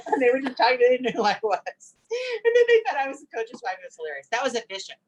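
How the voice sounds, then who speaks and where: Middle-aged woman, slightly high voice, lively storyteller guest. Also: fast, low-quality recording. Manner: animated storyteller, acts out quotes. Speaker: podcast guest. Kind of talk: casual interview chat.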